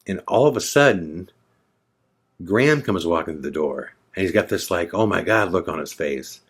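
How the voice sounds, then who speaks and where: Deep-voiced man telling a suspenseful tale. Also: animated, normal speed, husky. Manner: dramatic, suspenseful retelling with repetition. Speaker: podcast host. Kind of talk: storytelling podcast narration.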